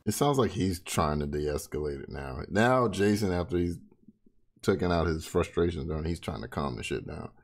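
A man's voice: low-pitched, animated, moderate pace. A man giving blunt, sarcastic casual commentary, swearing freely and keeping his voice down. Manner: talks softly. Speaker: reaction commentator.

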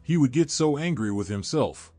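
A man narrating a horror story in a steady, measured way, his voice at an ordinary middle pitch. Soft background music plays faintly beneath the narration. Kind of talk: scripted narration.

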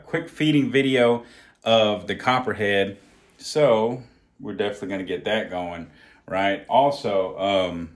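Vlog host, male, lowish pitch, slangy, excitable, swears freely. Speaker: channel host. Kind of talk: casual vlog narration.

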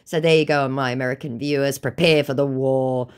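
A woman's voice: extremely low pitch, steady tone, brisk, clean tone. An Australian woman narrating a chat in a mocking, exasperated, blunt way. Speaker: scam-baiting vlogger.

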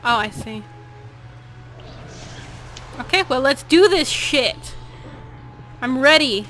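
Bright, high-voiced woman gaming host. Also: lively intonation, takes it slowly, a little hiss or hum, low-quality recording. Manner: laughing, swearing, playful. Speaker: let's play host. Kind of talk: casual gameplay chat.

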